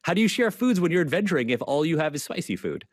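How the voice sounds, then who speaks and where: With a fairly high, sing-song voice and a fast pace, the panelist and zine creator talks earnestly in an online discussion. The recording is dry and studio-clean, and he repeats his main ideas with frequent fillers.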